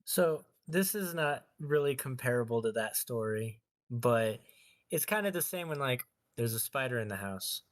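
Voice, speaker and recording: A man's voice: mid-range voice, expressive, normal speed, dry recording. A man co-hosting a podcast, easygoing and teasing, laughing often. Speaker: podcast co-host. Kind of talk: casual chat.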